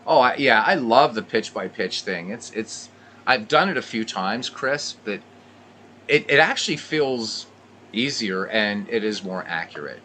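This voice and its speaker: Lively low-voiced baseball play-by-play man. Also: measured pace, a little hiss or hum. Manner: lively play-by-play, rising on big plays, dry asides. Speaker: play-by-play broadcaster of a simulated baseball game.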